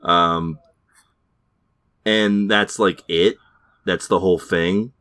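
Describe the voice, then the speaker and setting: A man's voice: deep voice, fairly even intonation, slow, fairly bright tone, no echo, clean studio sound. A man on a podcast, casually recapping a TV show and mimicking its characters as he goes. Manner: rambling recap, slips into mocking voices for characters. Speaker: podcast host.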